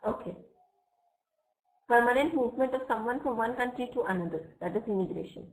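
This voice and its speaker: A woman teaching English vocabulary in a live online class. She explains each word slowly and patiently and often checks with "okay?". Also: fairly high pitch, animated, poor audio.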